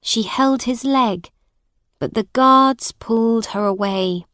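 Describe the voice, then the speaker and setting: A woman narrating an audiobook for English learners, reading slowly and clearly with deliberate, expressive delivery. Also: on the high side, no room sound, studio quality.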